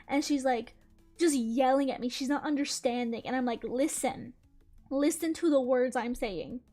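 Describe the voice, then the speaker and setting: A young woman with a Southern US accent chats casually to her channel, her voice sitting high. She rambles loosely and fills her sentences with "like." Soft music plays faintly behind her. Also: moderate pace. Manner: rambling, heavy use of "like" fillers. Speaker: gaming channel host. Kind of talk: casual storytime chat.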